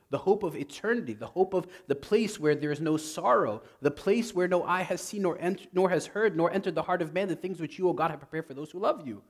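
Conversational priest preaching, soft to loud. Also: male voice, fairly high pitch, slightly rough. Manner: conversational, says "like" often, swings from loud to very soft. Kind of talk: sermon.

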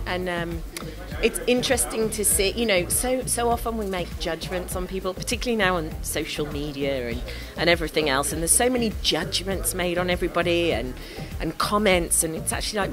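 A woman who has lost her voice, speaking as a dance-show host in a casual interview, chatty and effusive with many restarts. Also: on the low side.

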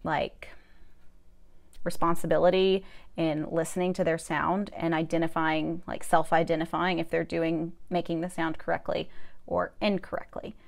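A woman's voice: low voice, level tone, moderate pace, gravelly. A young adult woman, a speech therapist, explaining a classroom activity step by step in an upbeat, chatty way with some fillers. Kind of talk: instructional video demonstration.

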